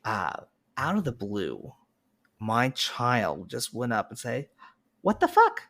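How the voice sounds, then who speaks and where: A young adult man appearing as a podcast guest, sharing animated, joking anecdotes in casual chat. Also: medium pitch, slow.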